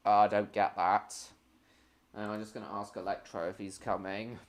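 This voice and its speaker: A man's voice: fairly low pitch, level tone, normal speed, a little hiss or hum. A man hosting a casual live stream, rambling and distracted as he talks.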